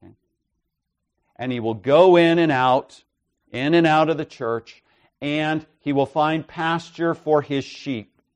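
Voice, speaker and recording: A man preaching an expository sermon with measured, emphatic delivery, often checking in with "right?" and "okay?". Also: on the high side, clean tone, dry recording.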